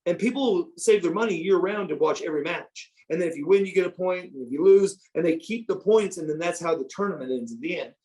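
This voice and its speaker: An American man in his fifties who used to wrestle professionally guests on a podcast, telling stories in a high voice at a quick pace with hardly any pauses. The audio is poor. He's animated and profane, with many restarts.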